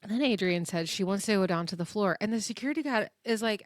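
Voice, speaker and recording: A woman hosting a casual recap podcast, chatty and animated, often laughing and acting out quotes in other voices. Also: mid-range voice, a little fast, hardly any pauses, no room sound, studio quality. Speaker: podcast host recapping a reality show. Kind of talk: casual chat.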